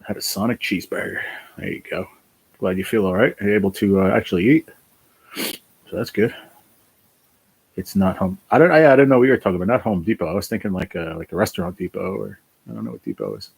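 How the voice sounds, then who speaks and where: Brief: weary New man, livestream host, gravelly and husky, casual and blunt. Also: deep voice, animated, fast talker, a little mellow. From New Jersey. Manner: tired, sighing, swears casually. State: worn out. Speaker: livestream host reading chat.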